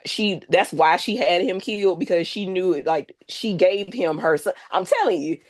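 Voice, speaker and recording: A woman's voice: lowish voice, moderate pace. A woman co-hosting a casual TV recap podcast, rambling and searching for words as she spins a theory. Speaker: podcast co-host.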